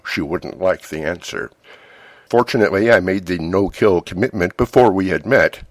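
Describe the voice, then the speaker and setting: A middle-aged man narrating a first-person memoir in a calm, wry, measured way. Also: low voice, husky, no echo.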